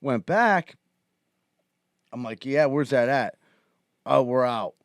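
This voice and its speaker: Man, mid pitch, rambling casual stories, dry close mic. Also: animated, slow, clean tone, no room sound. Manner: loose rambling anecdotes, laughs a lot. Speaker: podcast host. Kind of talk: casual chat.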